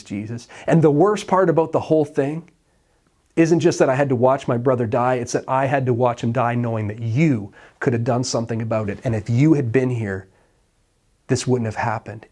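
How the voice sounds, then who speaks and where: A man's voice: mid-range voice, normal speed, a little mellow, close to an everyday voice. A man voicing a heartbroken, grieving woman who blames a friend in a pleading, accusing way.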